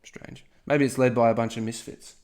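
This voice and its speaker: A man's voice: medium pitch, flat delivery, normal speed, a little mellow. Playful man telling history casually. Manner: playful, jokey asides, frequent "okay?". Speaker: podcast co-host.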